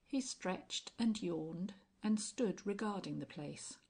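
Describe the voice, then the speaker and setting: A woman reading a classic novel aloud as an audiobook narrator, calm and measured. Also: medium pitch, breathy edge.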